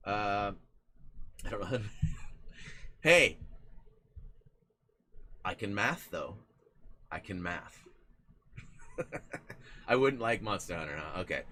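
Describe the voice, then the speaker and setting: A man's voice: lowish voice, takes it slowly, pauses often. Rambling man chatting on a livestream. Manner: rambling, animated, lots of restarts and fillers. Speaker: streamer. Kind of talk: casual live-stream chat.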